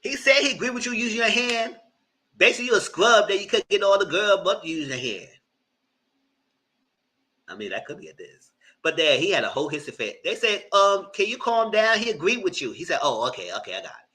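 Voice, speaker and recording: A man giving live commentary on a reality TV show, animated and cussing, mocking the people in it. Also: high voice, brisk, poor audio. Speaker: reality TV reviewer.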